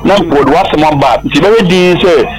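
A man co-hosting a call-in radio show, explaining at length in a measured way. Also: fairly high pitch, low-quality recording.

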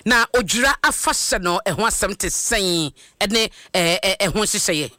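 A Ghanaian studio presenter with a sharp, bright voice hosts the broadcast in a lively manner. The sound is dry and close, with no room around it. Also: mid-range voice, moderate pace, dry recording. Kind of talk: broadcast hosting.

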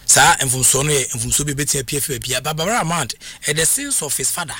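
A man's voice: a little high, animated, racing, bright, forceful tone, slightly rough. A man with a Ghanaian accent hosting a radio sports news segment, talking casually with lots of fillers and restarts. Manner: hesitant, many fillers and restarts. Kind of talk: radio sports news chat mixing Twi and English.

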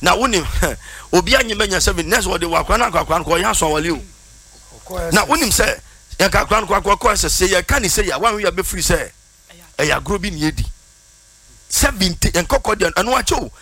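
A man's voice: sits high, expressive, fast, vocal fry, bright, forceful tone, breathy edge. A man preaching a sermon in Twi and English, half-singing his lines. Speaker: pastor. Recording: music bed behind.

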